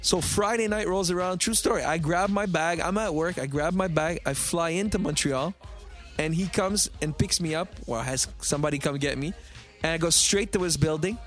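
A man telling a story in casual podcast chat, animated and profane, acting out the voices of the people in it. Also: a little high, moderate pace, soft background music. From Canada. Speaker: guest storyteller.

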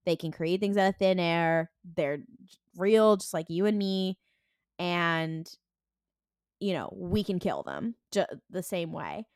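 A woman co-hosting a podcast, recapping an episode in a casual, animated way, full of fillers and acted-out lines. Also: slow, smooth, no echo, studio quality. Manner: animated retelling with many fillers; acts out the characters' lines with sudden jumps in pitch. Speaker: podcast co-host.

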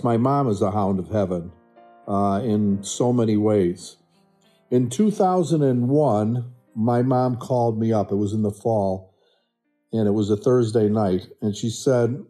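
A man, telling a personal story in a conversational way as a podcast guest. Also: dark tone. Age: 60s. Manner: conversational, acts out quotes of family with rising pitch.

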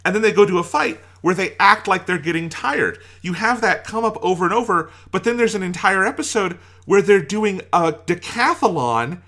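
A man's voice: high-pitched, expressive, moderate pace, few pauses, sharp tone. A man co-hosting a podcast, ranting in exasperation about a show and firing off rhetorical questions. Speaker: podcast co-host. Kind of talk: casual review discussion.

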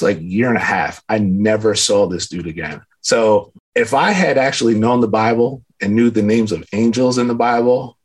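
Man, thirties, low husky voice, casual earnest testimony, filler-heavy storytelling. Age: 30s. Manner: earnest, casual, animated retelling with filler words. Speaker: storyteller sharing his faith testimony.

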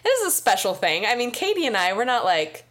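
A woman's voice: fairly high pitch, huge pitch swings, fairly quick, fairly bright tone. A young adult woman co-hosting a podcast, slightly nasal, chatting and laughing often. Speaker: podcast co-host. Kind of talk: casual chat.

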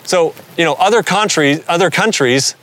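Earnest Southern preacher, mid-pitched man. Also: normal speed, a bit bright. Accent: American Southern. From United States. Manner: earnest, builds to emphatic rises. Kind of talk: sermon-style Bible teaching.

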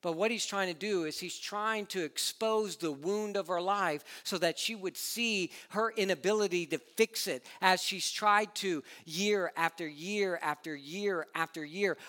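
A man preaching a sermon with passion, moving between loud, building declarations and hushed tones, and driving his points home with repetition. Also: a little high. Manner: uses repetition and builds to climaxes.

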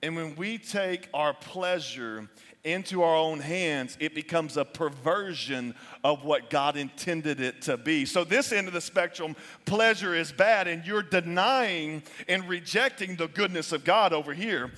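A young adult man preaching a sermon as pastor, animated, sometimes dropping his voice low for emphasis. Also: measured pace. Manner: animated preaching, drops to near-whispers for emphasis. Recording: long reverb of a large hall.

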